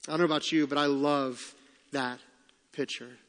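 A man with a fairly high voice preaches to his congregation, reading scripture and voicing the quoted lines with animated emphasis. His voice rings with the long reverb of a church hall. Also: normal speed. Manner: expressive preaching, reads scripture aloud and acts out quotes. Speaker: pastor. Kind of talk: sermon.

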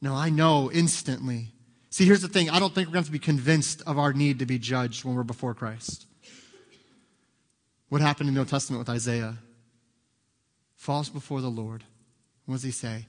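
A man's voice: normal speed, long pauses. Man preaching in a reverberant hall. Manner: emphatic preaching, rising loud and high at climaxes, dropping soft for quotes. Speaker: pastor. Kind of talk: sermon.

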